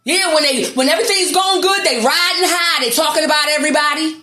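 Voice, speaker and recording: A woman's voice: sits high, fast, sharp tone, reverberant. A woman delivering an angry, sarcastic, profanity-heavy rant to her viewers. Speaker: vlogger. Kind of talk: angry ranting monologue.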